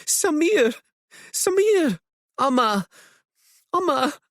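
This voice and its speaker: Frightened Middle Eastern woman in hiding, desperate broken whisper, very high, a male narrator doing her. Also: extremely slow, warm tone, no echo, clean studio sound, exaggerated voice. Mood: relieved.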